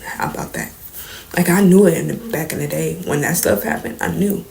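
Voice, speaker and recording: Shaky young woman, soft and gravelly. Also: sits low, a little fast, rough recording. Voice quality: soft, trembling at times, drops to near whispers. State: holding back tears, shaky. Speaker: vlogger. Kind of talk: emotional storytime confession. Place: indoors, late at night.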